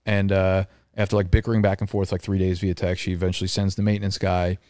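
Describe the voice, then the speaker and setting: Young dude on a podcast mic, kinda low voice, dry sound, rambling and swearing about stuff. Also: male voice, completely flat delivery, quick pace, darkish tone, smooth, no echo. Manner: rambling, swears freely, exasperated storytelling. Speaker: podcast co-host. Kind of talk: casual podcast chat. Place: apartment room. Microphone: studio mic.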